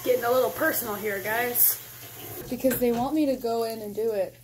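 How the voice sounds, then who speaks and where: A young woman vlogging from a clinic, excitable and giggly, talking casually to her viewers. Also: on the high side, brisk, slight background noise. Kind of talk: casual vlog chat.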